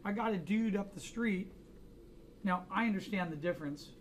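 Slight background noise accompanies a high-voiced American art instructor speaking at a moderate pace. In front of his drawing class he chats casually and tells joking anecdotes.

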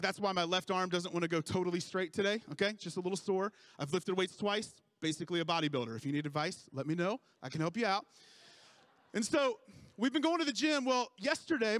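A man's voice: high voice, a bit bright, no echo. A man in his thirties preaching a sermon, telling a self-mocking, joking story about his family. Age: 30s. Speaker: pastor.

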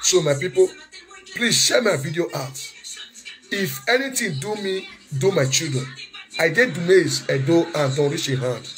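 A man in an emotional monologue, switching between shouting, pleading apologies and snatches of song, with Pidgin mixed in. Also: a little high, animated, measured pace. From Nigeria. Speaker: social media commentator. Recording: faint music behind.

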